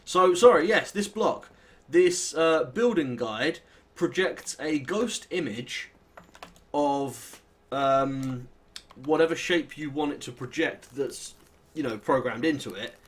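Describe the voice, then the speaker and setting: A young British man casually commentating his gameplay, rambling and self-deprecating as he thinks out loud. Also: a little high, takes it slowly. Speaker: let's play host.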